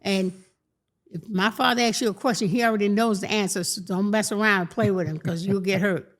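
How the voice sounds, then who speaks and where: A woman's voice: mid-range voice, steady tone, brisk. An older woman telling stories in an interview, acting out the voices of the people in them. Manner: acts out quoted voices while telling stories. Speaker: guest. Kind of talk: animated storytelling.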